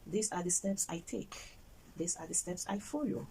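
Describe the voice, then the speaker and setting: A young woman from Nigeria with a Nigerian accent, a mother chatting softly and gently about her baby-care routine in a home vlog. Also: fairly low pitch, normal speed, heavy background noise. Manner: soft, gentle and chatty, talking to baby and viewers in turn. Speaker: mother and vlogger.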